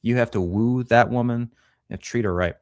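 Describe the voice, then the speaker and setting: A man's voice: medium pitch, normal speed, a little mellow, dry recording. A man co-hosting a casual livestream, reading chat comments aloud and joking crudely. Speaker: podcast co-host.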